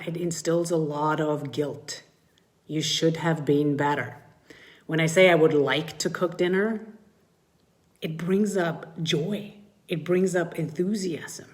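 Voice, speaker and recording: A middle-aged woman coaching mothers in a live-streamed talk, speaking to viewers with animated swoops in her voice when she acts out feelings. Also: low voice.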